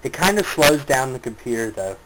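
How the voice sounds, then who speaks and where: A young man with a mid-range voice joins a podcast as a guest over voice chat from a small bathroom at home, talking a little fast and very animatedly. He laughs often and makes crude jokes, all picked up by a loud, noisy voice chat mic held close.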